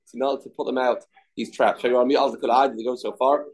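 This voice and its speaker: A man with a level, slightly mellow tone teaches a Talmud class at a measured pace, captured on a rough recording. He mixes English explanation with quoted Aramaic and Hebrew, acting out those voices with sudden pitch jumps.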